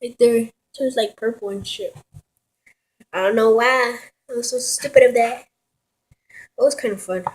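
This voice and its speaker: A woman's voice: on the high side, moderate pace, long pauses, darkish tone, low-quality recording. A woman vlogging casually at home in her kitchen, rambling, swearing and giggling as she talks.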